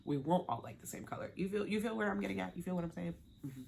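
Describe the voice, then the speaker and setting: A woman's voice: fairly low pitch, animated, fast, creaky, background noise. A young woman recapping a reality show in a blunt, sassy, profane way, with Spanish as her first language. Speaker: TV show reviewer. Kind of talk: casual recap vlog.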